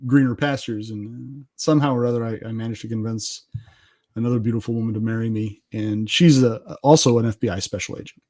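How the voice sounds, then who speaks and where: A man's voice: mid-range voice, steady tone, fast talker, darkish tone. A middle-aged man, a podcast guest, telling self-deprecating family stories in a casual interview, often laughing as he talks.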